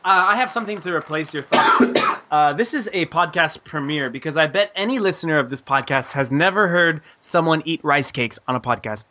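Man, podcast host, bright tense voice, slightly high, joking, swearing, lo-fi audio. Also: animated, fairly quick, slight background noise. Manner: joking, swearing, reads listener emails. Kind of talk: casual podcast chat. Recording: dull lo-fi audio.

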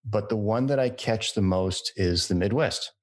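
Low-ish voiced guy, voiceover artist, chatty storyteller vibe. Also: moderate pace. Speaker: voiceover artist, podcast guest. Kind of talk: casual chat.

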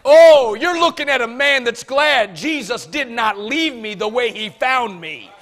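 A man preaching a sermon, swinging from loud shouts to soft asides. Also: extremely high pitch.

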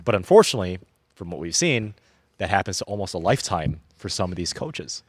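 Brief: lower-voiced husky man, tennis coach in casual chat, lively intonation. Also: fairly quick, dry recording. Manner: agreeable, self-critical.

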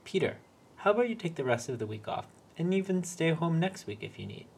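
A man doing a soothing, higher-pitched floor manager. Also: sing-song, a little fast, creaky, darkish tone, husky, exaggerated voice. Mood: coaxing. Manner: soothing, coaxing. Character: placating male factory floor manager, soothing.

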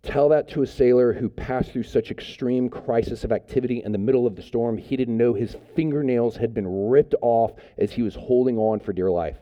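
A male pastor delivers a sermon in a loose, conversational way, stumbling into restarts and fillers as he goes. His voice sits at a middling pitch, and the recording sounds a little muffled and lo-fi. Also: moderate pace, few pauses.

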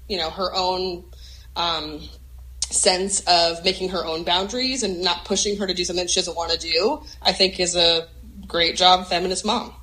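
A woman's voice: mid-range voice, fairly bright tone, rough recording. A woman guest on a podcast, musing in casual chat with many fillers and restarts. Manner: thoughtful, hesitant, many fillers and restarts, laughs easily.

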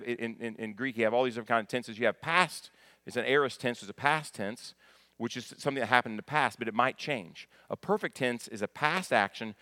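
A man preaching a sermon. He teaches in a conversational way, restarts his phrases often, asks the congregation questions and builds up to loud, emphatic peaks. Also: mid-range voice, no room sound, studio quality. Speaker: pastor.

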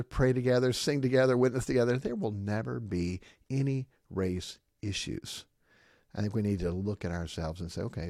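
A male pastor speaks emphatically on his own podcast, in a voice of middle pitch. He keeps checking in with "okay?" and acts out other people's words with lively swings. The sound is dry and close, with no room echo. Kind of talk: podcast monologue.

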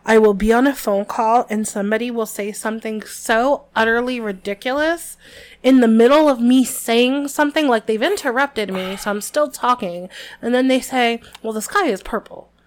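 A woman co-hosting a podcast, chatting casually in an animated, emphatic way and leaning on exaggeration. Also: fairly high pitch, normal speed. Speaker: podcast co-host. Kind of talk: casual chat between readings.

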